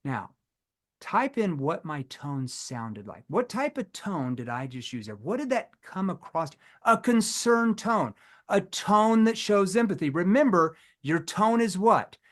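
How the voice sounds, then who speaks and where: A man's voice: high-pitched, big pitch swings, unhurried. Emphatic man teaching sales technique. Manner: emphatic, fires rhetorical questions at the audience. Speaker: sales trainer. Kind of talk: live online sales training.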